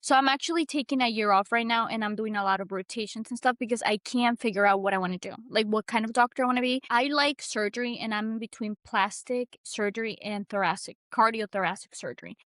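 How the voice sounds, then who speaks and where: A woman's voice: on the high side, fast, few pauses, dry recording, clean studio sound. A young woman from Mexico, a guest telling her story in earnest, casual talk, full of restarts. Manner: earnest, animated, with frequent restarts and "like".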